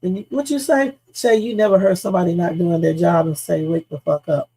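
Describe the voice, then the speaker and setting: A woman's voice: fairly low pitch, lively intonation, brisk, dark tone, husky, rough recording. A woman hosting a live reaction stream, speculating emphatically with casual slang and repeating her points. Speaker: livestream host.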